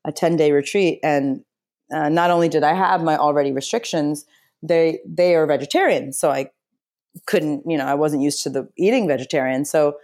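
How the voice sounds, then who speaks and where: A woman telling a personal story as an interview guest, chatty and expressive, with frequent fillers and restarts. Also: deep voice, moderate pace. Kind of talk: casual storytelling in a conversation.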